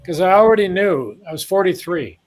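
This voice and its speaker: In a relaxed interview, a Canadian ex-boxer in his sixties rambles through long stories, performing the quoted lines. He speaks briskly, in a high voice with lively intonation.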